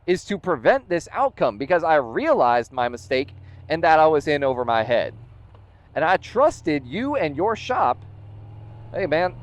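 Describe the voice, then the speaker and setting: A man vlogging about his motorcycle, retelling events with exasperation and quoted dialogue. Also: on the high side. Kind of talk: casual storytelling vlog.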